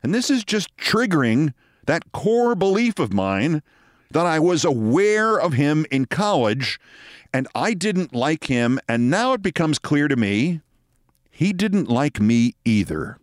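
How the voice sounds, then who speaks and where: A man in his sixties, a host telling a long story in a wry, deliberate way. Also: fairly high pitch, very animated, no echo, clean studio sound. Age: 60s. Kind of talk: storytelling monologue.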